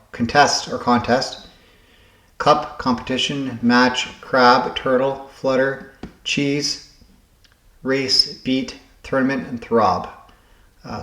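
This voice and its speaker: A man thinking aloud as he solves word puzzles, halting and correcting himself as he goes. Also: medium pitch, fairly bright tone, echoey room. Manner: muttering, halting, self-correcting. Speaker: puzzle game vlogger.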